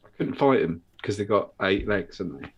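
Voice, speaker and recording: A man's voice: low-pitched, fairly quick, muffled recording. A man from the UK co-hosts a casual live show, with a voice that swings widely up and down. He tells stories loosely, swears freely and jokes around. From United Kingdom. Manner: animated storyteller, swears, breaks into laughs and put-on voices. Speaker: co-host.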